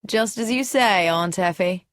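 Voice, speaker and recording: A woman voicing a charming, wry gentleman. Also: mid-range voice, measured pace, no room sound, clean studio sound, natural voice. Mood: teasing. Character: charming, teasing young gentleman, dry wit.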